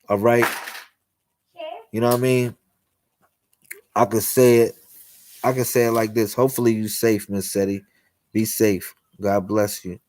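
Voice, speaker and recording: A man's voice: medium pitch, no room sound. A young man talking to viewers on a livestream, preaching about God and miracles in a loose, repetitive, slangy way. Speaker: livestream host. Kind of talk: spiritual livestream monologue.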